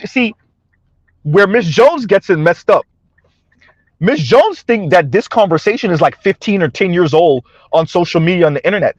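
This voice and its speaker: Speaking at normal speed with lively intonation, a high-voiced commentary host comes through on dull, echo-free audio. He mocks things for his vlog audience, talking to them directly, laughing frequently and asking "right?" over and over.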